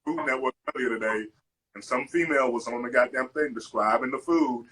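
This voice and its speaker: Bright, forceful and slightly rough, this medium-pitched man talks fairly quickly. As a podcast co-host in casual conversation, he rants, swears a lot and does mocking impressions of other people's speech.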